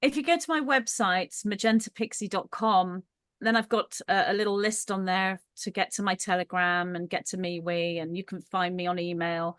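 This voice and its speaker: A woman's voice: on the low side, steady tone, moderate pace, fairly bright tone, clean tone, no echo. A woman speaking as a guest in a casual online chat, enthusiastic and full of restarts. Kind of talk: casual chat on a video call.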